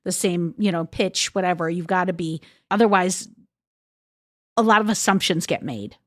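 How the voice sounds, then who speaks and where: A woman chatting casually on a podcast, jokey and quick with analogies. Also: fairly low pitch, dry recording, clean studio sound. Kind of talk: casual chat.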